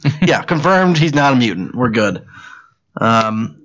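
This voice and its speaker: A man's voice: mid-range voice, very animated, a little slow, fairly bright tone, dull audio, soft background music. A man hosting a podcast in casual, joking chat with friends around a table. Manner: joking, laid-back. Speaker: podcast host.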